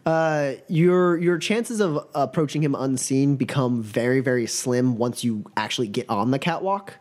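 A man's voice: medium pitch, moderate pace, a little mellow. Casting: laid-back male game master narrating scenes, lots of fillers. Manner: casual, filler-heavy narration.

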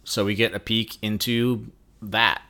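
A man's voice: lowish voice, steady tone, measured pace, pushed and bright. A man co-hosting a podcast in casual chat, wry and dry, walking through figures. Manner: dry, wry, explains with numbers. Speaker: podcast co-host.

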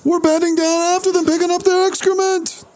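A man doing an impression of a famous older comedian, pitched far above his own voice and slowed down. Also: little pitch movement, a little mellow. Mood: incredulous.

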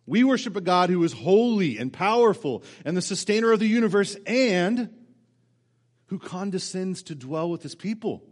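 A man preaching a sermon as pastor, earnest, moving from quiet reflective passages to fervent emphasis. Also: high voice, animated, moderate pace. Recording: church hall with long reverb.

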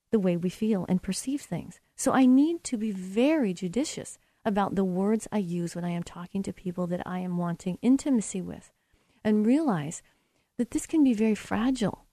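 A woman's voice: medium pitch, lively intonation, normal speed, warm tone, no echo. A middle-aged woman hosting a talk show, telling a personal story and giving earnest relationship advice. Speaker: radio show host.

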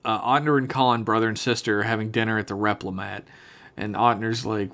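A man's voice: fairly low pitch, steady tone, a little fast, a bit bright. A man co-hosting a casual podcast, crudely joking as he recaps an episode and acts out the characters' lines. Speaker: podcast co-host. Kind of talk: casual comedic recap chat.

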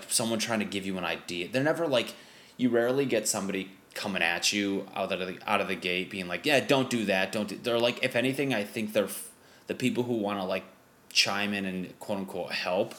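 A man's voice: sits low, fairly bright tone. A young man, a stand-up comic, talking loosely on a podcast, full of fillers and swearing. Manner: loose, rambling, profane, lots of fillers. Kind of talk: casual podcast chat.

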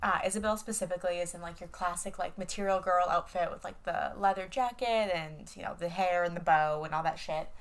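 A young woman co-hosts a casual podcast, speaking a little fast with a low-leaning voice and few pauses. She rambles through a recap, using filler words and swearing playfully.

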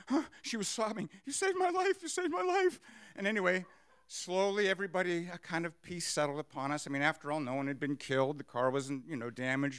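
A man telling a personal story on stage, animated, acting out what people said. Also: mid-range voice, smooth, no echo. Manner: animated, acts out quotes with laughs.

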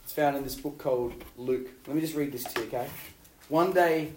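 A man preaching a youth sermon, telling stories with swings from loud to hushed. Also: mid-range voice, fairly quick, a little hiss or hum. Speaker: youth pastor. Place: youth hall. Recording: roomy hall, voice from far off.

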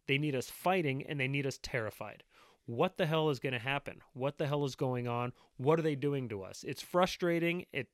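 A man rants straight to his audience in an angry, insistent monologue, repeating and hammering his points. His voice sits a little high for a man, and the recording is dry and close, with almost no room sound. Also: no room sound. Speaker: video maker. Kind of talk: impassioned ranting monologue.

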